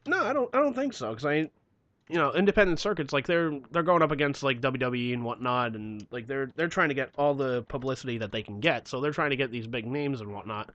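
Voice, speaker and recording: A man co-hosting a casual podcast chat, laughing often, clearing his throat and trailing off as he reads. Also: medium pitch, expressive, fast talker, a bit bright, dry recording, muffled recording. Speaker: podcast co-host.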